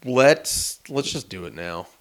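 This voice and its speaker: A man's voice: mid-range voice, animated, slow pace. A man co-hosting a casual sports podcast, telling stories in an easygoing, rambling way. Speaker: sports reporter and co-host.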